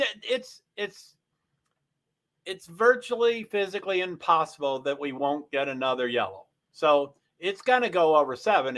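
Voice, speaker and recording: A livestream host chats casually with viewers, thinking out loud and reading race stats from the screen. His voice sits high and has a sharp tone.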